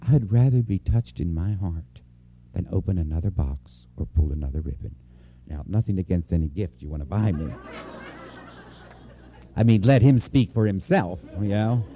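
A man's voice: sits low, moderate pace, dull audio, some chatter behind, a little hiss or hum. A man preaching a conversational sermon to a church congregation, earnest and personal, repeating key lines for emphasis.

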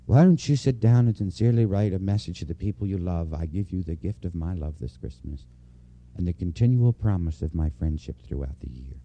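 Dark-voiced male preacher, earnest sermon. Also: low-pitched, expressive, brisk, lo-fi sound, a little hiss or hum. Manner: earnest, personal, repeats lines for emphasis. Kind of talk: conversational sermon. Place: church before a congregation.

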